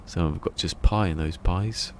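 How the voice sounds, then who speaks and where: A man's voice: low voice, normal speed, darkish tone, slight background noise. A man streaming a game, chatting casually and rambling through a story with chuckles. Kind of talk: casual live-stream chat.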